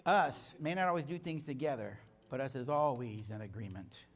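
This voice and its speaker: An older man preaching a sermon in a church, telling stories with lively energy. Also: medium pitch, normal speed. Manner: storytelling, animated. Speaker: guest speaker.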